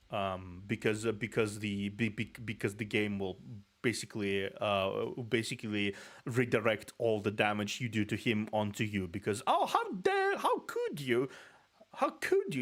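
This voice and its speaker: Man, Russian accent, rolled R's, lowish voice, rambling streamer talk, laughs, restarts. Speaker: VTuber streamer. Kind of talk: casual reaction stream.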